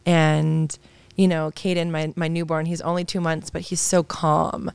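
A woman's voice: low voice, level tone, measured pace, vocal fry, smooth, no room sound. A woman in her thirties, a psychologist guest on a podcast, talking earnestly and openly in a candid interview. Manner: earnest, open and reflective, with soft laughs.

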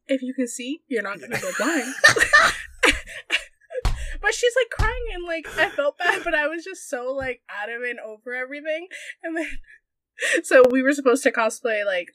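A woman's voice: high-pitched, no echo. A young woman telling a convention party story in casual podcast chat, giggling often and filling her talk with "like". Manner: giggly, animated storytelling with many fillers.

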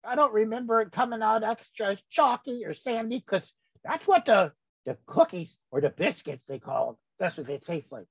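A woman's voice: medium pitch, sing-song, normal speed, slightly rough, no echo, low-quality recording. A woman voicing a cranky, rambling old grandfather who gets sidetracked in a folksy comic monologue. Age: older. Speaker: comedy character host.

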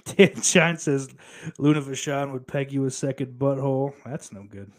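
A male livestream host with a mid-range voice and measured pace reads the chat aloud in a put-on Irish accent. The stream talk is casual, with frequent swearing and bursts of giggling.

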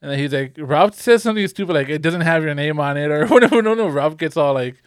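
A man's voice: on the high side, lively intonation, fast talker, clean tone, no room sound, studio quality. A young man telling a rambling, profane story in casual podcast chat, laughing often. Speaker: podcast co-host.

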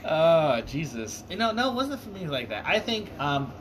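A man's voice: a little high, very animated, moderate pace, slight background noise, rough recording. A man from Alaska co-hosting a podcast in casual chat, rambling and swearing, with lots of ums and restarts. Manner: rambling, profane, many fillers and restarts. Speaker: podcast co-host.

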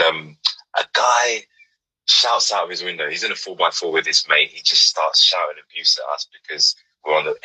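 Man, very low voice, strikingly bright tone, very husky, upbeat casual host. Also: poor audio. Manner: upbeat, encouraging, rambling. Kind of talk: casual chat.

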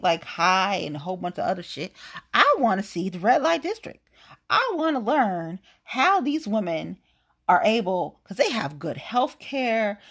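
Profane, animated woman ranting. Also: fairly low pitch, husky. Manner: blunt, profane, animated, with asides. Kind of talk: casual political rant.

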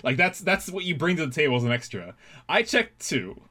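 A man's voice: on the high side, very animated, brisk, pushed and bright. A man co-hosting a podcast, chatting casually and often laughing at himself. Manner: laughs often, self-mocking. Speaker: podcast co-host. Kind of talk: casual chat.

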